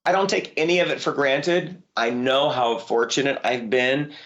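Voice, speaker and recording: A man, a voice actor, telling stories in a casual interview with a lively manner. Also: moderate pace, lo-fi sound. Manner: lively, jumps up in pitch when excited. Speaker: voice actor guest.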